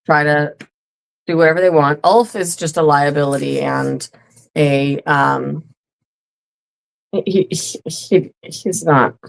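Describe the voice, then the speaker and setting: A woman's voice: deep voice, fairly even intonation, slow, gravelly, pauses often. A woman co-hosting a podcast, chatting casually and bluntly about a TV episode, swearing freely. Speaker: podcast co-host. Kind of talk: casual recap chat.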